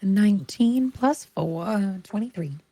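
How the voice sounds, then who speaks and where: A woman playing a tabletop game, talking in a relaxed, slightly hesitant way. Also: mid-range voice, takes it slowly, slightly rough, no room sound. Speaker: player. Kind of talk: casual tabletop play.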